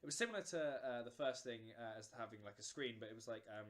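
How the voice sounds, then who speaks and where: A man's voice: medium pitch, animated, quick pace, fairly bright tone. A man casually telling a long story on a podcast, with many fillers and restarts. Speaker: podcast host. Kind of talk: casual chat.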